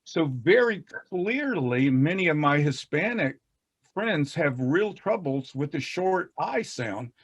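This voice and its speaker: A man with a Southern American accent rambles through a casual talk, folksy and self-deprecating, with frequent laughs. His voice sits a bit higher than most men's. He sounds like he is speaking over a video call. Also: big pitch swings, takes it slowly, breathy edge.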